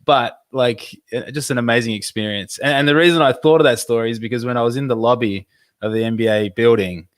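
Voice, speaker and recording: A middle-aged Australian man co-hosting a podcast, telling a lively anecdote in casual chat and laughing often. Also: mid-range voice, fast talker, no echo. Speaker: podcast co-host.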